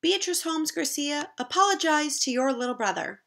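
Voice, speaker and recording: A woman's voice: high voice, animated, normal speed, vocal fry, fairly bright tone, pitched above the performer's own voice, heavily acted. A woman doing a stern scolding mother. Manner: firm, scolding.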